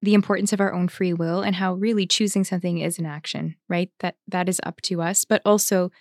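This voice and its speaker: A woman who is a religious sister, co-hosting a faith podcast in a reflective, conversational way, pausing to think and laughing easily. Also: fairly low pitch, fairly even intonation, no echo, studio quality. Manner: thoughtful, pauses with fillers, laughs easily.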